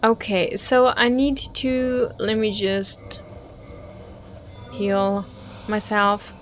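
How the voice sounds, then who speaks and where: A woman's voice: mid-range voice, steady tone, drawn-out words, slight background noise. A woman hosting a game walkthrough, giving chatty, emotional gameplay commentary.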